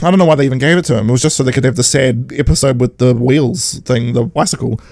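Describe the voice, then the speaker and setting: A man's voice: medium pitch, quick pace, vocal fry, darkish tone, no room sound. A man, co-hosting a podcast and recapping an episode in casual, sarcastic chat with mocking quoted voices. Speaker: podcast co-host.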